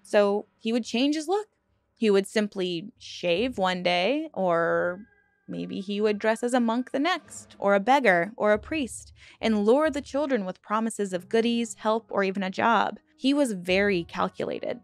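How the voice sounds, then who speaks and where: Woman, true crime storyteller, earnest, casual with fillers, middle pitch, dry sound. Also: animated, measured pace, no room sound. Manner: earnest, emotional, choked up at times; conversational with many fillers and restarts. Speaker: true crime channel host.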